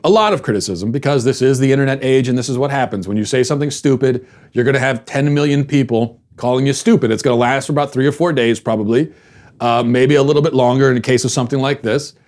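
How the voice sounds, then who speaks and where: A man's voice: medium pitch, a little mellow. A man hosting a commentary podcast, talking in a wry, sarcastic monologue with frequent restarts. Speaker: podcast host.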